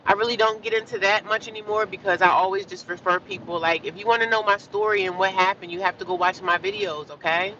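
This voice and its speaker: A woman's voice: mid-range voice, steady tone, fast, few pauses, bright, forceful tone, lo-fi sound. A woman from New Jersey live-streaming, bluntly ranting at trolls and chatting casually with viewers.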